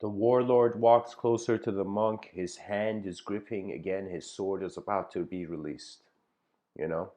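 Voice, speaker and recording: Male spiritual teacher, lowish voice, relaxed storytelling lecture full of fillers. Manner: conversational, many "you know" fillers.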